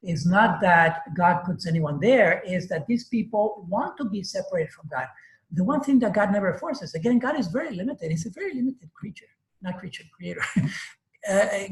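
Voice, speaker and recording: A man's voice: sits high, animated, moderate pace, roomy sound, low-quality recording. A man leading a classroom discussion as course instructor, emphatic, repeating his points and laughing easily.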